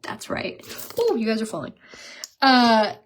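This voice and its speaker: A woman in her thirties chatting casually on a live stream while she does her makeup. She talks fast, says "like" a lot and laughs often. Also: on the high side, sing-song, a little hiss or hum. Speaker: makeup seller and vlogger. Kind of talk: casual livestream chat while doing makeup.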